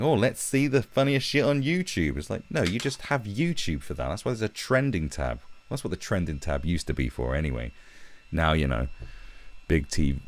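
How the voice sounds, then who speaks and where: A young British man on a live stream, ranting heatedly and swearing as he talks from his own room. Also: very deep voice. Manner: profane, animated, heated.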